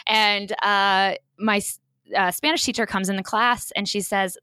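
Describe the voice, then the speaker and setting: A woman's voice: mid-range voice, unhurried, smooth, no room sound. A woman in her forties from Kansas, telling her life story in a chatty way, full of fillers, as a guest in an interview. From Kansas, USA. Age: 40s. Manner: chatty, animated, frequent fillers like "you know".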